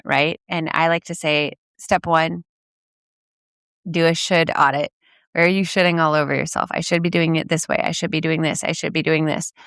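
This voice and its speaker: A woman's voice: on the low side, vocal fry, fairly bright tone, smooth, dry recording, clean studio sound. A woman hosting her own podcast, talking casually as a coach, chatty with lots of "like" and "you know", laughing now and then. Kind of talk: casual solo podcast talk.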